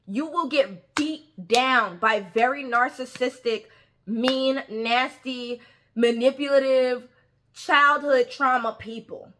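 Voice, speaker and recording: Bright, emphatic young woman. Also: high voice, slow. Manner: emphatic, repeats words for stress. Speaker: reality TV commentator. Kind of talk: opinionated casual commentary.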